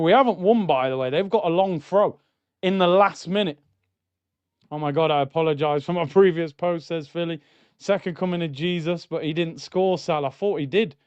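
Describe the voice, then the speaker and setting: A man's voice: fairly high pitch, clean tone, dry recording, dull audio. A young man streaming a live football watchalong, reacting to the match and reading out chat comments. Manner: excitable, shouts at goals, then grumbles and reads comments.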